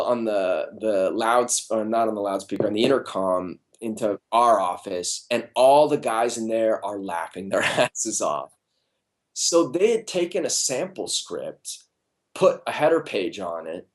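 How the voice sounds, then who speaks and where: Male interviewee, lower register, loose and animated raconteur, lots of fillers and profanity. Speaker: comic book artist interviewee. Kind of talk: casual anecdote in an interview.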